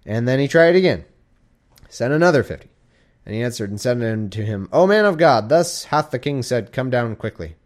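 Sounding drowsy, a man with a medium-pitched voice, lively intonation, and moderate pace reads scripture aloud in a warm room at home. He treats it casually and irreverently, slipping into joking asides and mock-dramatic quoted voices.

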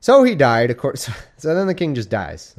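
His pitch swoops wildly around a mid-range, slightly mellow voice as a drowsy, sleepy man reads scripture at a moderate pace in a warm room at home. He's irreverent and casual about it, cutting away for jokes and putting on mock-dramatic voices for quotes.

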